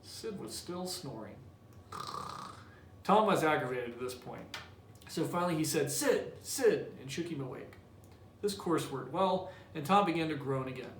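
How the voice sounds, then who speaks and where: A male teacher explaining and then reading a novel aloud, in a conversational tone with a slightly high voice. The mic sits well back in a roomy space, with faint hiss behind him. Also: expressive, normal speed, long pauses, a bit bright. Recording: echoey room, distant mic, faint hiss.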